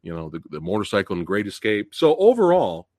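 This is a brisk, lowish male voice, captured cleanly in a studio with no echo. As host of a live movie review stream, he banters loosely with his audience, laughing often, using slangy chatter, greeting people and reading their messages with excitement.

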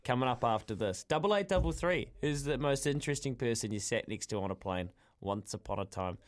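Upbeat New radio host. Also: male voice, medium pitch, expressive, fairly quick. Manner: chatty, upbeat, teasing. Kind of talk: sports radio banter.

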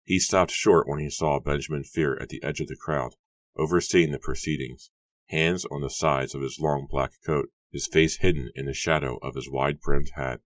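A man's voice: rumbling low, steady tone, normal speed, no echo. A man narrating an audiobook with an intense, emotional delivery. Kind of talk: dramatic audiobook reading.

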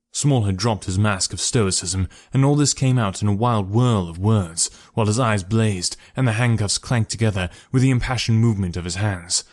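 Man reading an audiobook in a low voice. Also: moderate pace, hardly any pauses, a little mellow. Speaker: narrator.

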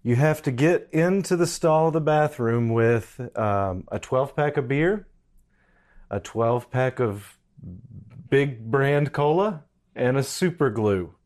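A middle-aged man in casual conversation, relaxed and laughing through a story he tells. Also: medium pitch, takes it slowly.

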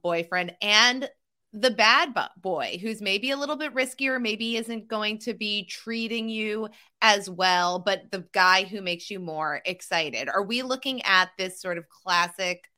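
A woman's voice: medium pitch, a little slow, sharp tone. A woman hosting a podcast in casual chat, leading with questions. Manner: asks questions, sets up topics. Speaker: podcast host.

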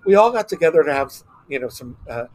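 A middle-aged man from Texas, a guest telling animated stories in a casual interview, acting out quotes as he goes. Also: fairly high pitch, fast talker, a crowd in the background. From Texas, United States. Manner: animated anecdotes with acted-out quotes.

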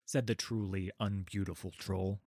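A man's voice: low voice, fairly even intonation, normal speed, darkish tone, dry recording, clean studio sound. A man narrating a children's storybook, with wry, playful asides to his listeners.

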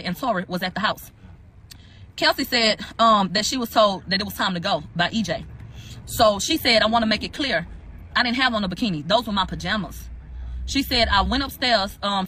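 Woman co-host, rapid profane rant-style recap, noisy recording that may be in a vehicle. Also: medium pitch. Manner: profane, ranting, animated retelling. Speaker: podcast co-host recapping court testimony. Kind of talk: casual storytelling recap.

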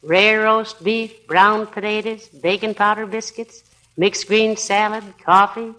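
A woman's voice: mid-range voice, fairly even intonation, a little slow, bright, forceful tone, rough recording. An actress playing a dry-witted, patient middle-aged wife in a 1940s radio comedy, teasing her husband in a dry manner. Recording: old radio recording with faint noise.

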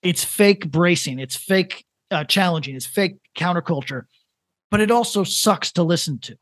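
Rambling deadpan man, dry close mic. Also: high-pitched, normal speed, no echo. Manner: rambling, deadpan, building to a prank. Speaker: podcast co-host. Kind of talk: casual comedic chat.

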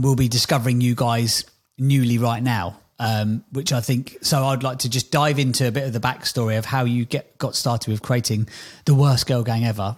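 A man with a husky voice casually introducing a podcast conversation. He rambles, padding his sentences with fillers and restarting often. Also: mid-range voice. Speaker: podcast producer and interviewer.

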